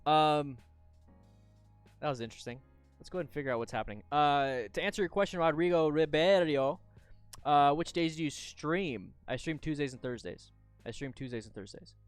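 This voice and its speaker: A man hosting a live stream, chatting casually as he reviews motorcycle crash videos and sometimes bursts into loud, excited shouts. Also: on the high side, moderate pace, smooth, no echo, soft background music.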